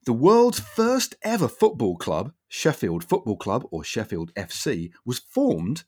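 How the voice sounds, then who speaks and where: A man hosting a relaxed podcast chat, his voice bouncing up and down with lots of laughter and restarts. The sound is close and dry, with no room echo at all. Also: mid-range voice, a little slow, slightly rough. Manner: laughs a lot, stumbles and restarts. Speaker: podcast host. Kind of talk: casual chat, quiz host.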